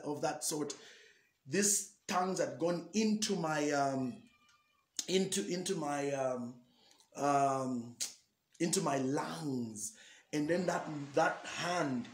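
A man, a pastor, telling a personal testimony in an animated storytelling way, acting out the dialogue. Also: a little high, takes it slowly. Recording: echoey room.

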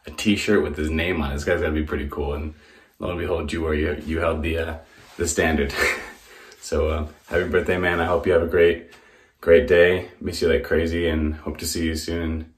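A young man sending a friend laid-back, halting birthday wishes in a casual video message. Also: a bass voice, little pitch movement. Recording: echoey room.

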